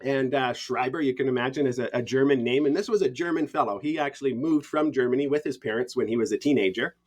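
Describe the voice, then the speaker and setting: Man, 50s, podcast guest, easygoing rambling storyteller, laughs often, mid pitch. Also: fast, a little mellow. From Canada. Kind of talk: casual storytelling.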